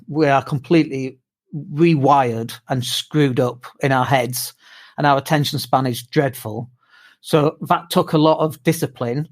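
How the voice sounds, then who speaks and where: A British man co-hosting a podcast, chatting casually and tired from jet lag, telling animated stories with swearing and mimicked whoops. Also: medium pitch. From United Kingdom. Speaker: podcast co-host. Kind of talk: casual chat.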